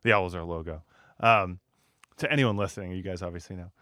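Low-voiced chatty man, dry sound. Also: fairly quick, dry recording. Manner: relaxed, chatty, many fillers and "like"s. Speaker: brewery co-founder. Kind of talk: casual podcast conversation.

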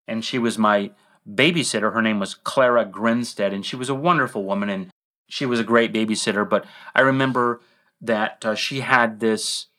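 A man's voice: lowish voice, sharp tone. A middle-aged man co-hosting a podcast, telling a long rambling story with tangents and self-deprecating asides. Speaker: podcast co-host.

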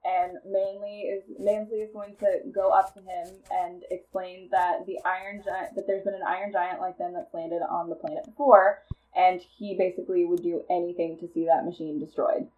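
A woman co-hosting a comedy podcast, casually pitching a movie plot with lots of fillers and frequent laughter. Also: flat delivery, normal speed, a little mellow, rough recording. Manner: rambling storyteller, laughs often, many fillers.

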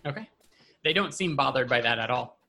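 A man running a tabletop game as game master, narrating in a relaxed, hesitant way with frequent ums. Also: mid-range voice, fairly quick, gravelly.

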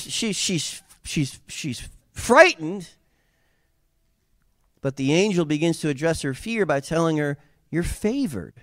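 A man delivers a sermon, his voice sitting a little high for a man. He presses toward loud, fervent climaxes, then eases into chatty, joking asides with the congregation. The sound is close and dry, with little room echo. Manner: impassioned, builds to loud emphatic peaks; conversational asides with humor. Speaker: pastor.

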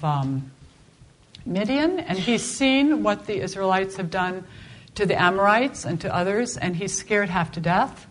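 A woman teaching a Bible class in a conversational, expressive way, often restarting her sentences. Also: mid-range voice, a little hiss or hum. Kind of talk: informal Bible class lecture.

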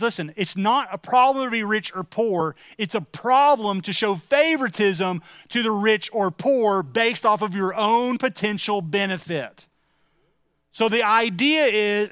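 A man's voice: sits high, fairly bright tone, clean tone, no echo, studio quality. A middle-aged male pastor giving a sermon in a conversational way, asking the congregation questions and turning stern and emphatic. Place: church sanctuary.

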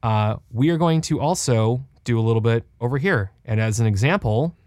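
Animated, joking male podcast co-host. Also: medium pitch, moderate pace. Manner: animated, swears freely, jokey. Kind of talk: casual podcast chat. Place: home studio.

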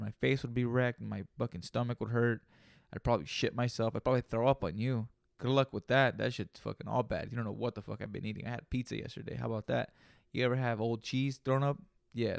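Young guy, solo podcast host, gravelly rasp, dry close sound, loose profane rambling with jokey asides. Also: medium pitch, no echo. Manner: profane, rambling and joking, with playful repeated asides. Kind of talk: casual solo podcast monologue.

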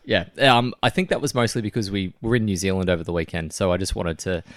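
A man's voice: low-pitched, fast, no echo, clean studio sound. A man co-hosting a podcast in casual chat, laughing often and restarting his sentences. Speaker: podcast co-host.

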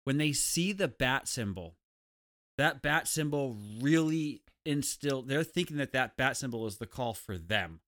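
A man's voice: mid-range voice, expressive, measured pace, a bit bright, dry recording, clean studio sound. A man co-hosting a casual movie review chat, easygoing and teasing, rambling a bit as he makes his point. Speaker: podcast co-host.

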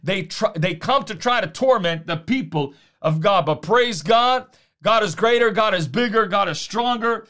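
A man preaching a sermon, emphatic, slowing down to repeat key lines. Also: sits high, expressive, bright, forceful tone.

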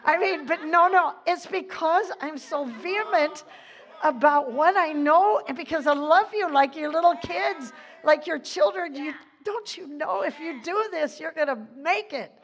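A woman pastor preaches with fervent emphasis, her fairly high voice rising and falling between laughter. She slows down to read scripture deliberately. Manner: reads scripture slowly and deliberately. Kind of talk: sermon.

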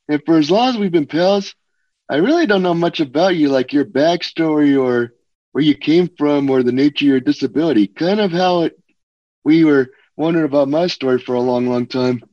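A fairly high-pitched man asks a co-host question in a friendly, unhurried way. His voice comes through a dull, lo-fi remote line with no room sound at all. The tone stays casual and conversational throughout. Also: lively intonation, darkish tone, dry recording. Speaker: podcast co-host.

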